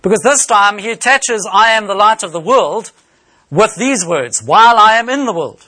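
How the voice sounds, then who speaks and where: A man with a notably high-pitched voice delivers a sermon. He works through scripture in a measured, teaching manner, reading verses aloud and explaining them. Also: lively intonation, sharp tone. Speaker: preacher.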